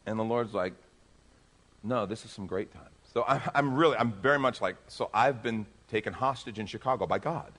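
A man, a pastor, telling a lively personal story during a sermon and acting out the dialogue. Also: lowish voice, normal speed. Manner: animated, acts out dialogue in the story. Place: church.

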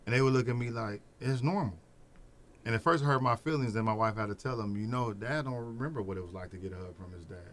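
A middle-aged man from Peoria talks in a casual podcast interview with a mid-range voice. He tells family stories in an animated way and laughs often. A faint noise sits under the recording. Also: medium pitch, quick pace. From Peoria, Illinois. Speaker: guest, Head Start program director.

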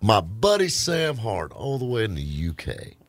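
Lively, husky-voiced male radio host. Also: fairly low pitch, measured pace, no echo. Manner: joking, animated storyteller. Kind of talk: casual on-air banter. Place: radio studio.

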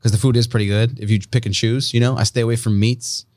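A man's voice: medium pitch, fairly even intonation, fast, a little mellow, no echo, studio quality. A man telling rambling, laughing stories in a casual podcast chat. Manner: rambling storyteller, swearing, laughing.

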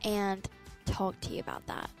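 A woman's voice: mid-range voice, little pitch movement, moderate pace, faint music behind. A woman co-hosting a podcast, joking around in a playful way. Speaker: podcast co-host. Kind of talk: casual podcast chat.

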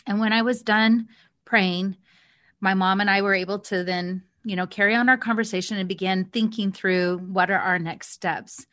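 A woman's voice: mid-range voice, steady tone, normal speed, a bit bright, dry recording, studio quality. A woman co-hosting a faith podcast, telling a personal story in an earnest, heartfelt way with small restarts, on a podcast mic. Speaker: podcast co-host.

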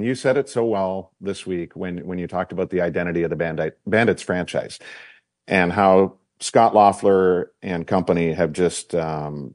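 A man's voice: low voice, darkish tone, no echo, clean studio sound. A man hosting a casual sports talk show, easygoing and leading into promos.

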